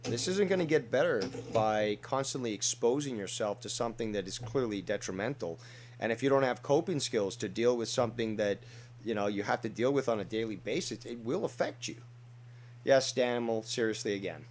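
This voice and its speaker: A man's voice: mid-range voice, expressive, fairly quick, a little hiss or hum. A man hosting a reaction commentary show, talking in a blunt, profane, mocking way. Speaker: commentary host.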